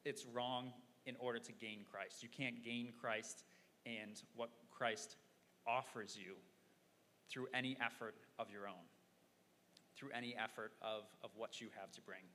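Male preacher, bright forceful tone, earnest and halting, long hall reverb with faint hiss. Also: mid-range voice, fairly even intonation. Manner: earnest, repeats words while thinking. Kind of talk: sermon.

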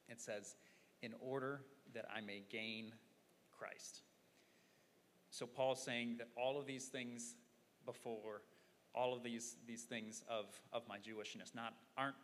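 A man's voice: medium pitch, fairly bright tone. A man preaching a sermon in an earnest, explaining way, often repeating words as he thinks. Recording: long hall reverb, faint noise.

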